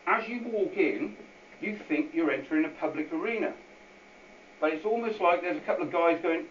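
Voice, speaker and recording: Before an audience in a meeting hall, an animated man with a fairly high voice speaks at a moderate pace as an unscripted guest speaker. His informal talk drifts, repeats and is peppered with asides. The recording is dull, distant and echoey, with slight hiss.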